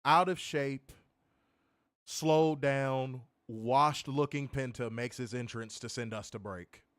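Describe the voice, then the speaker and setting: A man's voice: mid-range voice, takes it slowly, fairly bright tone, clean tone, no room sound. Exasperated man ranting a wrestling review. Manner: exasperated, profane, sarcastic, addresses listeners as y'all. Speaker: podcast co-host reviewing wrestling.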